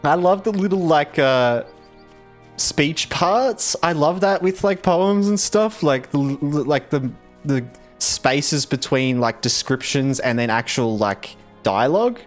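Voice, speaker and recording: An Australian man casually chatting on a game livestream, reading viewer messages and verse aloud in an expressive, giggly way. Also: fairly high pitch, takes it slowly, soft background music. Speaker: game streamer.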